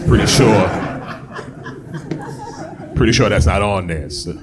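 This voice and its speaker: A man performing a stand-up comedy set, talking conversationally and jumping into loud shouted bits when he acts out voices. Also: low-pitched, steady tone, fairly quick, long pauses, very noisy.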